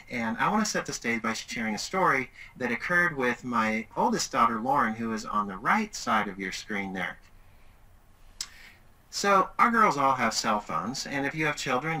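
A man's voice: medium pitch, rough recording. A middle-aged man giving a webinar presentation, telling a story animatedly. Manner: animated, acts out quoted voices.

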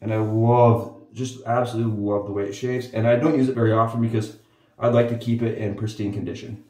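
A vlogger shaves his head while chatting to camera with a mellow, medium-pitched voice that stays fairly flat and moves along quickly. He talks to viewers enthusiastically and keeps calling them "guys." The mic sits at a distance, so the room echoes noticeably.

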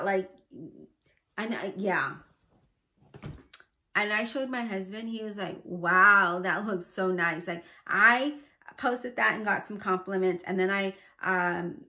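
A woman's voice: lowish voice, sharp tone. A middle-aged woman chatting casually about her handmade crafts, rambling and enthusiastic with lots of fillers. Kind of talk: casual chat.

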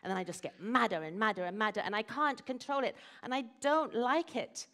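A woman voicing a little boy who gets angry easily, in a high, pleading child voice. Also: animated, measured pace. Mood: fed up. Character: anxious little boy, quick to anger.

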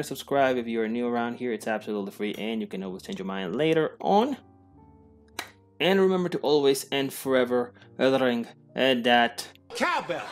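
A man hosting a let's play, talking in an upbeat, excitable, chatty way. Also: mid-range voice. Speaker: gaming channel host.

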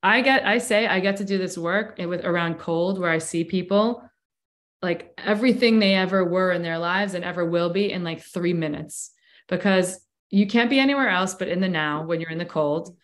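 A woman's voice: on the low side, normal speed. A woman who coaches breathwork and cold exposure, explaining enthusiastically in a casual interview with long flowing sentences.

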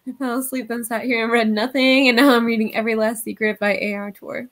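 Animated, slightly high woman on video call. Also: fast talker. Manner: animated, swears and laughs often. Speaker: booktuber hosting a live reading sprint. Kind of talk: casual chat.

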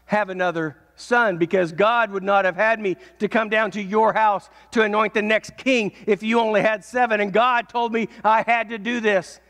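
A man's voice: high voice, steady tone, moderate pace, few pauses, a bit bright. A man preaching voices a stern old prophet, firm and insistent. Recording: echoey church hall.

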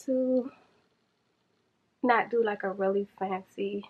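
A woman chatting to viewers in a casual makeup challenge vlog, flustered and rushing against a timer. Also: mid-range voice, fairly even intonation, husky, phone-quality sound. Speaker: beauty vlogger.

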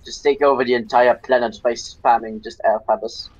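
A man's voice: mid-range voice, fairly even intonation, normal speed, no echo, highs cut off. A Dutch man with a slightly British-sounding accent, casually explaining game tactics while he plays. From Netherlands. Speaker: host playing and commenting.

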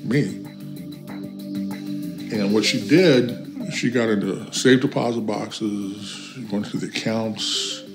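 A man's voice: on the low side, steady tone, takes it slowly, hardly any pauses, over music. A man giving a documentary interview, telling about family events in plain storytelling with repeated words. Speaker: interviewee, son.

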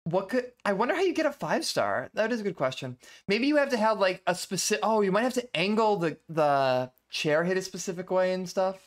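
A woman's voice: medium pitch, expressive, fairly quick. A young woman streaming live, chatting casually and laughing often as she reacts to a video.

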